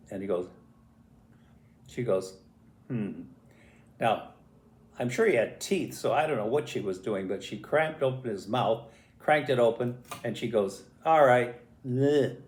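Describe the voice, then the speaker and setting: An older man telling a family story in a casual, animated way, acting out voices and sounds as he goes. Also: mid-range voice, normal speed. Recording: roomy echo.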